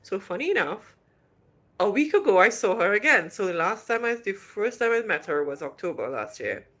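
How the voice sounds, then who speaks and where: A chatty woman from Trinidad and Tobago, her Trinidadian accent faint and only peeking through, talks casually on a livestream from her hotel room. Her pitch sits in the middle and swoops up and down with lively intonation as she rambles, restarting her sentences. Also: normal speed. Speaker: livestream host. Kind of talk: casual livestream chat answering viewer questions.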